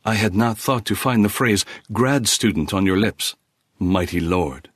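A man's voice: lowish voice, measured pace, dry recording, clean studio sound. A man voicing a kneeling stranger with courtly speech. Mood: humble, formal. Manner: archaic courtly phrasing. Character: strange young man in furs, kneeling, formal and flowery.

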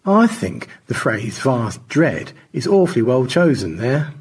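A man reading aloud and voicing a dry, pedantic man fond of old science fiction, with a gravelly, raspy voice and a wry, precise delivery. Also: medium pitch, sing-song, unhurried, slight background noise.

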